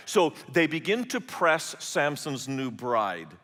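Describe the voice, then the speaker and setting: A man's voice: on the high side, very animated, slow, pushed and bright. A man preaching a sermon, telling the story with animation and briefly acting out the characters' voices. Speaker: pastor. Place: church auditorium. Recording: large hall with long reverb.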